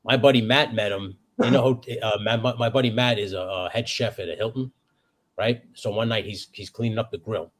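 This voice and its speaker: A man chatting casually on a hangout stream, telling stories with loose swearing and restarts. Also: on the low side. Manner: swearing storyteller, lots of restarts. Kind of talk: casual chat.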